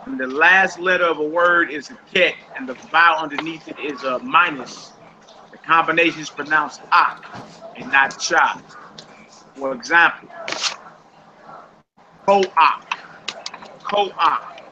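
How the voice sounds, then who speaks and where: A man's voice: a little high, normal speed, highs cut off, background noise. A man teaching a casual group Hebrew lesson, patiently repeating words for his students and using slang.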